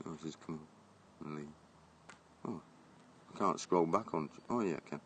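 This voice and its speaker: A blunt, middle-aged man from England with a low, deep voice rambles through a live stream from his garden. He holds the phone at arm's length and chats loosely, laughing between his remarks and swearing freely. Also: normal speed, slight background noise. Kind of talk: casual live-stream chat. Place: outdoors in a garden. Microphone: phone held at arm's length.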